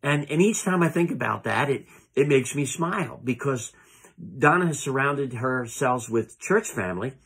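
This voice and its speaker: Middle-aged pastor guy preaching, husky voice, keeps repeating himself, earnest. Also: medium pitch, expressive, fairly bright tone. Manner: earnest, halting delivery with many repeated words. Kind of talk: sermon. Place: church sanctuary.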